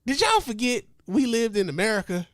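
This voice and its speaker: A man hosts a comedic podcast with a high, bright-sitting voice, speaking right into the microphone with no room sound. He rants with profane mock outrage, then drops to low mutters and chuckles. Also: big pitch swings, brisk, no room sound, clean studio sound. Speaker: podcast host.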